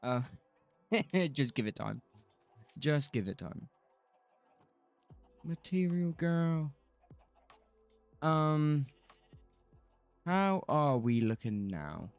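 A man's voice: medium pitch, sing-song, slow pace, vocal fry, faint music behind. A man streaming a building game, rambling casually, swearing freely and laughing often. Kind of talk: casual livestream commentary while gaming.

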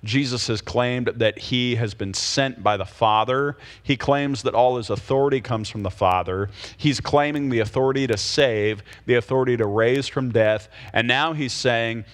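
A man's voice: medium pitch, moderate pace, few pauses. A man leading a Bible study, explaining scripture in a casual teaching style and often checking in with his listeners. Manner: explains patiently, checks in with frequent "okay?" and "right?".

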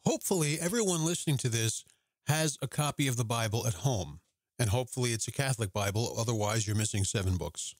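A man talks straight into a close microphone for his own religious podcast, earnest and conversational. He keeps asking his listeners rhetorical questions. His voice sits at an ordinary middle pitch, and the sound is dry with no room echo. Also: lively intonation, fast talker. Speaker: podcast host. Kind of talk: solo religious podcast talk.

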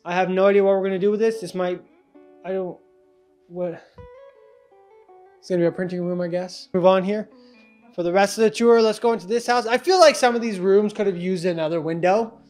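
A man's voice: high-pitched, brisk, long pauses, darkish tone, soft background music. A young man giving a casual, joking tour of his new house for his vlog, chatty and self-mocking. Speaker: vlogger giving a home tour.

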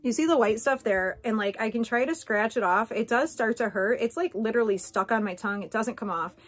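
A woman's voice: fairly high pitch, brisk. A woman vlogger talking casually to her viewers, candid and rambling with many asides. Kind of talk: casual chat to camera.

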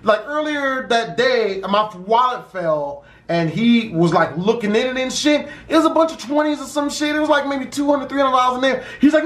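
A young man casually telling a story about a friend, with profane street slang and an animated delivery. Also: very high voice, moderate pace, few pauses. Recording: roomy echo.

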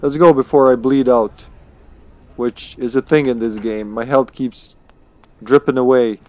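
A man's voice: mid-range voice, steady tone, measured pace, darkish tone. A man streaming a video game live, chatting casually to himself with swearing and chuckles. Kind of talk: live gaming commentary.

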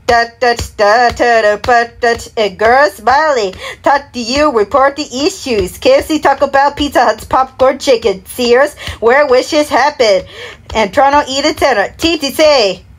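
Woman with a high voice, slow and mumbly, rattling off ad slogans and humming da-da jingles. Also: soft background music. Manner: rambling recital of slogans and product names; hums and sings jingles in "da da" syllables. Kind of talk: solo vocal recreation of a TV commercial break.

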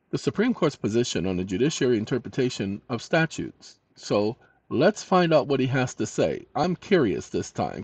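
A man hosting a ranting commentary, dictating replies with punctuation spoken aloud and shouting commands. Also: mid-range voice, no room sound. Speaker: channel host.

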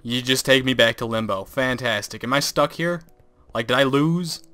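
Young man, gaming commentary, bright voice, dry close mic, swearing, exasperated, typing behind. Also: mid-range voice, normal speed, no room sound, faint music behind. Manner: profane, exasperated, swearing and laughing. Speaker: gaming video host. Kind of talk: let's play commentary. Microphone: desk microphone, close.

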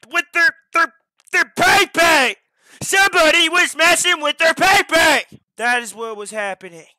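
Very high-voiced man, slow and theatrical. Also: sharp tone, no room sound. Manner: exclaiming, drawn-out and theatrical. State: strained, tired voice. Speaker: live streamer. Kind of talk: casual live-stream chat.

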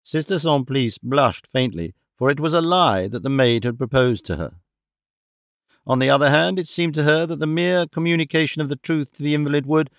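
A man narrating a classic novel as an audiobook in a measured, expressive reading. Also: medium pitch, creaky, dry recording, clean studio sound. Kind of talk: scripted narration.

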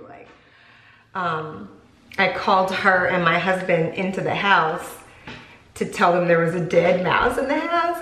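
A woman's voice: fairly low pitch, a bit bright. A young woman chatting casually through a hair tutorial at home, rambling and poking fun at herself. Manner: chatty, rambling, self-mocking. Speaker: beauty vlogger. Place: home room. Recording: echoey room.

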